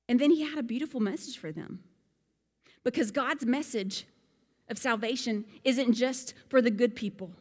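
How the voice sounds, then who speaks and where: A woman giving a Bible lesson, animated and fond of rhetorical questions. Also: fairly high pitch, normal speed, long reverb tail. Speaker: Bible teacher. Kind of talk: sermon-style Bible lesson.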